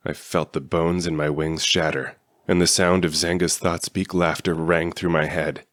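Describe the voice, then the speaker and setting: A man reading a fan-written novel aloud in steady first-person narration. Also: deep voice, normal speed, no room sound, clean studio sound. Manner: steady storytelling. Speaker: audiobook reader.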